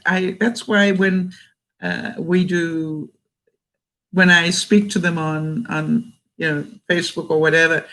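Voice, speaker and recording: A woman's voice: on the low side, poor audio. Chatty older woman vlogger. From Canada. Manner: chatty and warm, laughs often, restarts sentences. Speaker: vlogger reading live chat. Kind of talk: casual live-stream chat.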